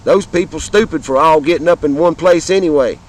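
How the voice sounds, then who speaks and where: A man from the American South with a noticeably high-pitched voice delivers an impassioned, profane rant. He speaks straight to his viewers and drives his points home through repetition. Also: fairly quick, rough recording. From Southern United States. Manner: fiery, profane, repetitive, addresses viewers directly. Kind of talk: impassioned political rant to camera.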